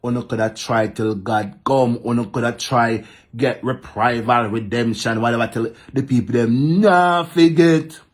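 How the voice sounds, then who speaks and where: A Jamaican-accented man with a mid-range voice, sounding off to camera in thick patois. He is animated and repetitive, firing back at his commenters. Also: medium pitch, measured pace. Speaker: social media vlogger. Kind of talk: casual ranting monologue to camera.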